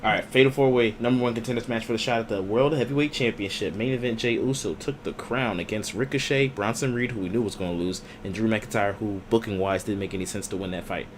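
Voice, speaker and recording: A lower-voiced man runs through match results at a quick clip, talking casually with his co-hosts. Faint background noise sits under his voice. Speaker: podcast co-host. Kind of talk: casual wrestling chat.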